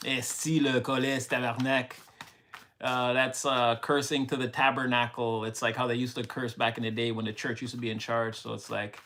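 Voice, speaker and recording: A man's voice: medium pitch, level tone, brisk, hardly any pauses, bright, forceful tone, a little hiss or hum. A man from Canada with a Montreal accent, chatting casually to a live audience, laughing often and switching between English and French. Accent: Montreal Quebec. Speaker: livestream host.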